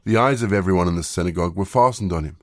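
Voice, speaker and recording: Man leading a devotion, scripture reading, fairly low, dry close sound. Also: rapid-fire, dry recording. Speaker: leader of a daily devotion.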